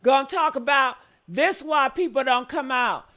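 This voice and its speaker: A woman giving heated, cursing reaction commentary on an interview, yelling at times. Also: high-pitched, moderate pace. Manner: angry, yelling and cursing, then apologetic.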